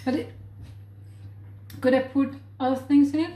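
A woman's voice: high-pitched, fairly even intonation, normal speed, warm tone, reverberant. A woman cooking-vlog host, chatting casually and thinking aloud as she tastes her food in a home kitchen. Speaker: cooking vlogger.

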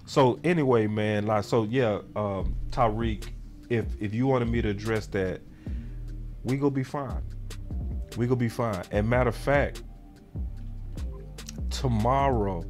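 A man's voice: fairly low pitch, a little mellow. A man hosting a casual livestream sports talk show, talking in a loose, rambling way with lots of fillers.

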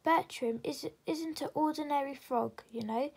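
A woman's voice: high-pitched, normal speed, vocal fry, a little mellow. A woman doing a small cheerful girl fairy. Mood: friendly.

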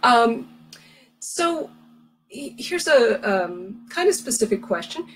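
A woman hosting a library Q&A over a video call, asking questions in a measured, polite way with some fillers. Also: on the high side, sing-song, fairly bright tone, low-quality recording. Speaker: library event host. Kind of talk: casual Q&A interview.

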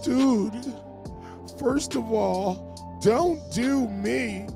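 A man doing a squeaky whiny complaining woman. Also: gravelly, music in the background, heavily acted. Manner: drawn-out, squeaky falsetto delivery.

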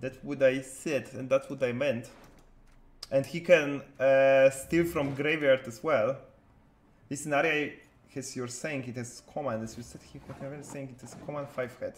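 A man's voice: mid-range voice, steady tone, normal speed. A man commenting on a card game as he plays live, chatting with his viewers in a loose way. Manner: chatty, answers viewer chat while playing. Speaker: streamer. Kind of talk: live-stream gameplay commentary. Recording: roomy echo.

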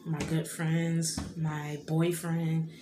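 Low, flat-voiced woman vlogging tearfully. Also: very slow. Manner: rambling, many fillers and "you know what I mean". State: tearful, emotional. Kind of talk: casual heartfelt vlog talk. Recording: echoey room with background noise.

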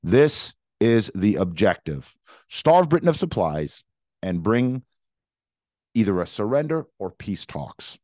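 Lively low-voiced man teaching history. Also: slow, dry recording, clean studio sound. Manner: emphatic, repeats words, voices opposing sides in first person. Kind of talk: classroom history lecture.

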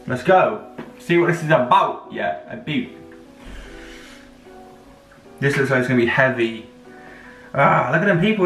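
A man's voice: medium pitch, a bit bright. A young man hosting a reaction video, talking in a rambling, slangy, upbeat way. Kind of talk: casual reaction vlog chat. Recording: roomy, distant mic.

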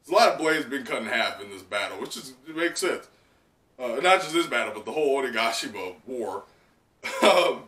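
Excitable young man reacting, roomy sound. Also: medium pitch, moderate pace, distant mic. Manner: excitable, many fillers and laughs. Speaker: manga reaction channel host. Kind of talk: live reaction and recap.

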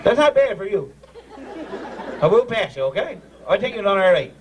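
A man's voice: high-pitched, sing-song, normal speed. A man with a Newfoundland accent leading a rowdy ceremony, joking and laughing with the people he is teasing. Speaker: screech-in ceremony leader. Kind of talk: joking crowd banter. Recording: far mic over a loud crowd.

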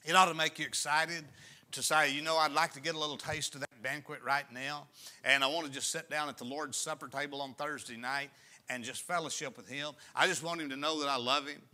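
A man's voice: on the high side, fairly even intonation, a little fast, pushed and bright. A man pastor preaching a sermon, reading scripture aloud and explaining it with folksy asides. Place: church sanctuary.

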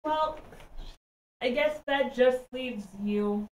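A woman's voice: sits high, slow, distant mic. A woman in an improv comedy game, playfully questioning the other players. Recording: echoey stage from afar.

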